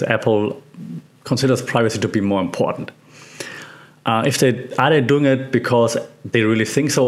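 A man hosting a solo podcast, commenting on media news in a casual, rambling way with many fillers and restarts. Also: mid-range voice. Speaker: podcast host.

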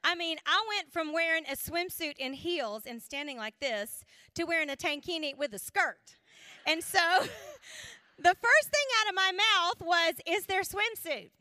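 A Southern-accented woman from South Carolina tells funny stories to a women's church gathering, laughing often in a playful, chatty way. Her voice is extremely high and lively in intonation, a little slow, pushed and bright, and the recording is dry.

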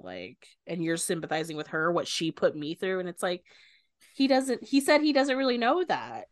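A woman with a somewhat low voice chats through a book's plot for a podcast, slipping into quick quoted lines and the odd swear word. The sound is dry and close, with little room around it. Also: dry recording. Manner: animated retelling, quoting characters with bursts of swearing. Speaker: podcast co-host. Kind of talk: casual book discussion.

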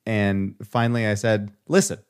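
A man with a fairly low voice tells a story in relaxed conversation. He acts out the people he quotes and laughs often along the way. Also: moderate pace. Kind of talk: casual storytelling chat.

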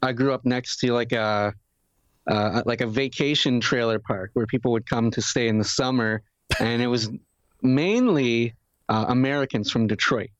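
A man from Canada with a Canadian accent, chatting on a podcast in an easygoing way with plenty of halting fillers. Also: mid-range voice, no echo, dull audio. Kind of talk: casual podcast chat.

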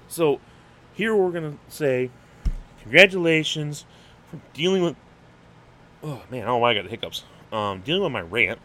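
A man's voice: medium pitch, sharp tone. A young man hosting an unscripted solo podcast, rambling and getting hyped, swearing freely and stumbling over restarts. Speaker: podcast host.

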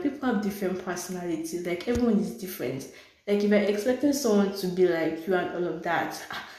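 A woman's voice: fairly low pitch, warm tone. Blunt, sarcastic woman in a roomy space. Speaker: podcast host. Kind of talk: solo podcast chat. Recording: roomy echo.

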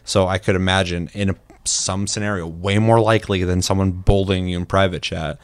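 A young man with a very deep voice talks loosely on a podcast, swearing freely and slipping into little acted-out quotes. The sound is dry and close. He rambles through his points. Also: steady tone, brisk, dry recording. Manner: profane, rambling, acts out quotes. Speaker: podcast co-host. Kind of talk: casual chat.

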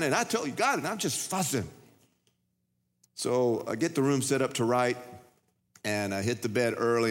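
A male pastor preaching a sermon, telling stories in a folksy way that jumps to high, loud outbursts. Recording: church hall reverb.

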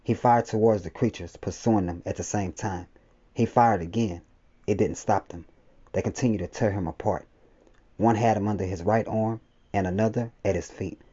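Low, mellow male audiobook reader. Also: fairly even intonation, normal speed, husky, highs cut off. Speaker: audiobook narrator. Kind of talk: first-person story reading.

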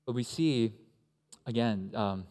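A man's voice: mid-range voice, slow. Man preaching in an echoey hall. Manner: conversational, animated, with asides to the congregation. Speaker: pastor. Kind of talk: sermon.

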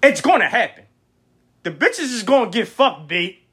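A man's voice: extremely high pitch, moderate pace, husky. Blunt, cussing man telling stories. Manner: profane, blunt, animated storyteller. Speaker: podcast host. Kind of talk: casual storytelling monologue.

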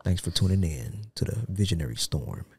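A man doing a smooth late-night radio host. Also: animated, no room sound, heavily acted. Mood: mock-suave. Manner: low, slow and mock-suave.

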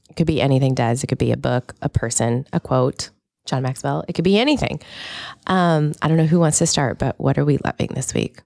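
A woman's voice: very deep voice, brisk, vocal fry, darkish tone, dry recording, studio quality. A woman in her thirties co-hosting a podcast in casual, enthusiastic chat, laughing often. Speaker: podcast co-host.

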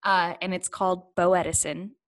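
A woman's voice: on the low side, level tone, normal speed, low-quality recording. A woman in casual chat, talking in a rambling way full of fillers and little laughs. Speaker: guest.

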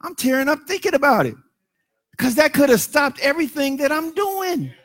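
A middle-aged man, preaching a sermon. His voice sits high and rings bright as he drops to hushed asides, then climbs into sung and shouted lines. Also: expressive, moderate pace. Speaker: pastor.

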